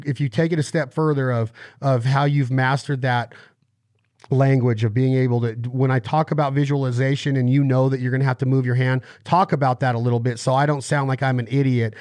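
A man hosting a casual podcast interview, explaining at length in animated bursts. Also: medium pitch, brisk, no room sound. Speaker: podcast host.

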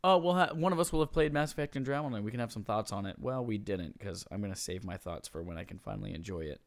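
A man's voice: fairly low pitch, quick pace, vocal fry, no echo. A man co-hosting a casual chat show, joking and bantering. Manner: playful, jokey banter. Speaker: podcast co-host.

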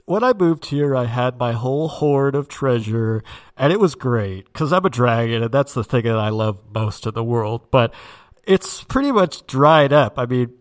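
A man's voice: medium pitch, lightly acted. A man playing a meek, rambling dragon leaving a hesitant voicemail full of fillers. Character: rambling lovelorn male dragon, broke and meek. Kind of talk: comedic voicemail bit.

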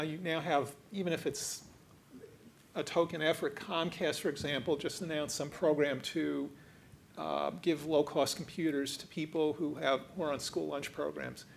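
Male panelist, raised pitch, gravelly texture, chatty with asides; faint rumble underneath. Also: steady tone, moderate pace. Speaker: panel speaker. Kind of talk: public panel discussion.

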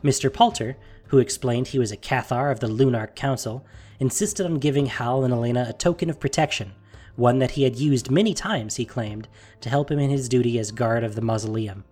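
A narrator reading a fantasy story aloud in a measured, steady storytelling manner. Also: medium pitch, faint music behind.

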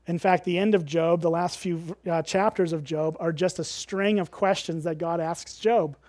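High-voiced man teaching from the Bible. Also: steady tone, normal speed, darkish tone, no room sound. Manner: explains with rhetorical questions, checks in with "right?".

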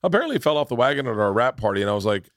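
A man hosting a podcast, telling stories in a casual chat, animatedly leaping into loud high voices when he quotes people. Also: very animated, very fast, no room sound, studio quality. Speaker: podcast host.

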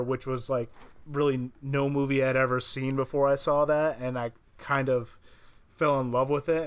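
A man's voice: mid-range voice, clean tone. A man co-hosting a casual film podcast, teasing his co-hosts in a dry, mock-indignant way. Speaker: podcast co-host.

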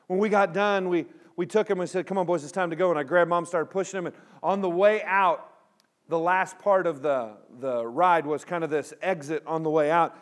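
Guy preaching to a room of students, kinda high voice, tells the story big and acts out the voices. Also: moderate pace. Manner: drops to a quiet, earnest tone at the close. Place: in front of a live audience.

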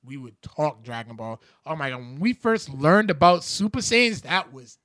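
Bright, animated male podcast co-host. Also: on the high side, moderate pace, no room sound, studio quality. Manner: animated storyteller, slangy and excitable. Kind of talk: casual chat.

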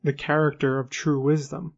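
A man with a somewhat higher voice explains passages in a conversational way and slips in dry jokes. The sound is dull and lo-fi. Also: level tone, normal speed. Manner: wry, joking asides. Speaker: podcast co-host. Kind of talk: casual conversation and reading aloud of an ancient text.

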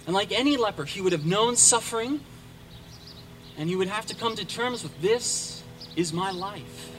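A man preaching a sermon, retelling a story with dramatic shifts in pace and loudness. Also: sits high, animated, a little fast, slight background noise. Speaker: pastor.

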